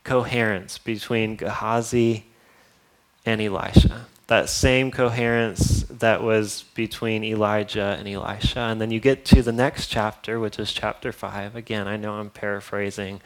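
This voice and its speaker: A man's voice: lowish voice, little pitch movement, measured pace. A man preaching a sermon, retelling a Bible story in a casual, conversational way with asides to his congregation. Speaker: pastor.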